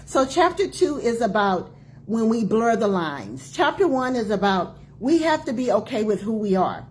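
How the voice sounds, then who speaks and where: A woman in her forties, a doctor and author hosting her own book launch, talking live to viewers with emphatic repetition and quick greetings to people joining. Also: a little high, very animated, darkish tone, slight background noise. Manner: emphatic, repeats key phrases, calls out greetings to viewers. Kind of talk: live-streamed talk to viewers.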